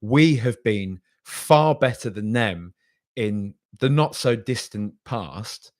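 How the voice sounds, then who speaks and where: A man's voice: on the low side, lively intonation, takes it slowly, a little mellow. A man hosting a casual podcast stream. He reads out viewer comments and rambles with hesitations, then argues back in an exasperated way. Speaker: podcast host.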